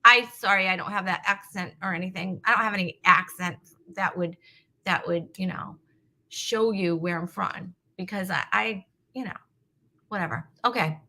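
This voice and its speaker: A woman's voice: mid-range voice, normal speed, pushed and bright. A woman from Rhode Island hosting a live comedy stream, chatty and teasing, rambling with fillers as she greets viewers. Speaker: host.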